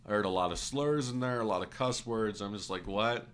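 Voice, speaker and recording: Bright-voiced man telling a rambling story. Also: fairly low pitch, fairly quick, clear, resonant tone. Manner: rambling, self-correcting, casual profanity. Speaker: streamer. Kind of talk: casual storytelling while gaming.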